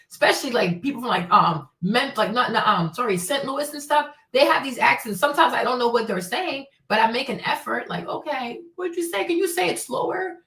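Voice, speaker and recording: A woman's voice: a little high, a bit bright. Blunt, indignant woman ranting in a roomy space. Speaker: show host. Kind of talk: casual ranting monologue. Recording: roomy sound, mic at a distance.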